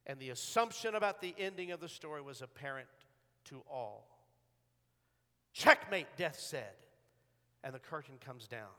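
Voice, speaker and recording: A man pastor preaching a sermon, dramatic, swinging from hushed storytelling to loud, urgent declarations. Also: medium pitch, normal speed, big-room sound.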